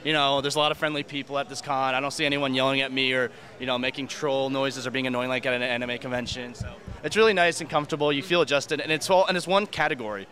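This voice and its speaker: Man cosplayer, fast talker with a bright edge, rambling casual answers, interview outside. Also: mid-range voice, steady tone. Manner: rambling, lots of "like". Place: outdoors at a convention.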